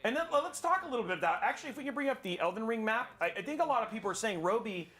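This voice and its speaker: A man hosting a live stream, commentating on a game in an excitable, rambling way with frequent restarts. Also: very high voice, rapid-fire.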